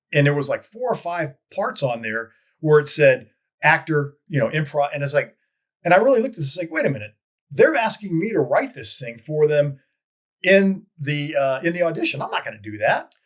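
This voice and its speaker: A man telling stories as a guest in a casual interview, rambling with frequent restarts and lively quoted voices. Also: a little high, normal speed. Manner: rambling with many restarts, animated quoting. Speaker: guest, advertising copywriter. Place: lives in Dallas.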